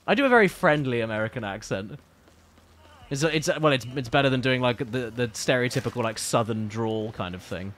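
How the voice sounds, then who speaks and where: A man's voice: mid-range voice, lively intonation, a little fast, fairly bright tone, slight background noise. A man giving casual, playful, teasing commentary while streaming a video game.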